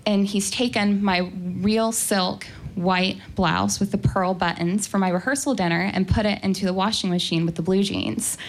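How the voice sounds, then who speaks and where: A young adult woman telling a first-person story in a candid, wry way, with frequent ums and likes. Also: medium pitch.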